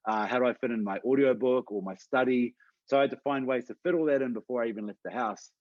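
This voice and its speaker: A man's voice: medium pitch, quick pace, no echo, lo-fi sound. A man who works as a fitness coach, co-hosting a podcast in casual chat, earnest and emphatic.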